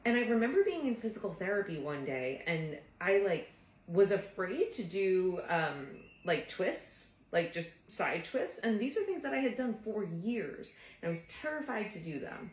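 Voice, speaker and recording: A woman's voice: medium pitch, big pitch swings, normal speed, darkish tone, echoey room, poor audio. A woman therapist telling a personal story in a casual, earnest, reflective way, often saying "like". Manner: earnest, reflective, frequent "like" fillers.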